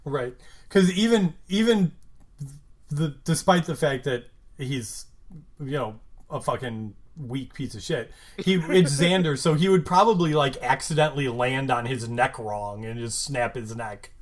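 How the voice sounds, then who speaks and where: A man co-hosting a podcast, chatting casually and profanely with a laid-back, deadpan manner. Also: medium pitch, a little slow. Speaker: podcast co-host. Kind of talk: casual profane recap chat.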